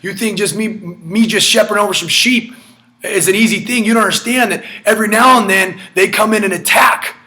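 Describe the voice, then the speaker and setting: A man voicing a bold, defiant young male shepherd hero, talking emphatically and sometimes shouting. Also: high voice, fairly quick. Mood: insistent.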